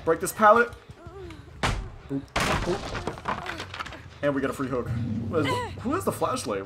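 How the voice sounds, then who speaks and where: A young man giving excited, profane live commentary while playing a video game and talking at his opponents. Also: on the high side, normal speed, long pauses. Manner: hyped, profane, talks to opponents on screen. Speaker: gaming streamer. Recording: game music behind the voice.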